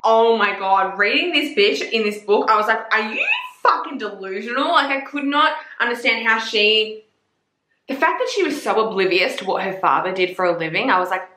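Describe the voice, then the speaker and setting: Young woman gushing about books, swears a ton, bright voice in a roomy echoey space. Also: mid-range voice, animated, normal speed. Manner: gushing, swears a lot, fillers like "like". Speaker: book reviewer. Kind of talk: casual chat. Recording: echoey room.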